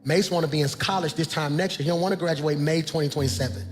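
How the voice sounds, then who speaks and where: Man, 40s, pastor preaching, soft to shouting, echoing church hall. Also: a little high, steady tone, fast. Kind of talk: sermon. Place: church sanctuary. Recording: long hall reverb, faint music.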